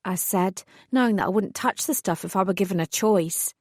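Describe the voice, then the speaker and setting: A woman reads a first-person fantasy audiobook with wry, expressive delivery. Her voice sits at an ordinary pitch and is recorded close and very dry, with no room sound. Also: normal speed, hardly any pauses, dry recording. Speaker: audiobook narrator. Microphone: close studio mic.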